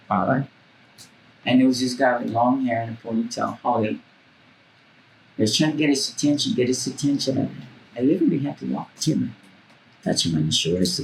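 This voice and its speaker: A woman's voice: extremely low pitch, creaky, low-quality recording. A woman telling stories bluntly in an interview, swearing freely and acting out the voices of the people in them. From Hawaii. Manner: acts out voices in her stories. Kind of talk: casual storytelling.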